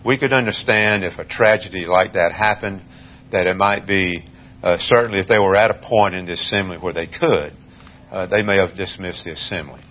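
A man giving a Bible study lesson, talking in a measured, halting way with many fillers and restarts. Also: low voice, lo-fi sound, a little hiss or hum. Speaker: Bible teacher.

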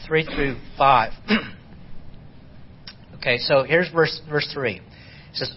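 In a dull, lo-fi recording, a man with a slightly rough, somewhat high voice leads an informal Bible study. He halts and repeats words while posing rhetorical questions to his class.

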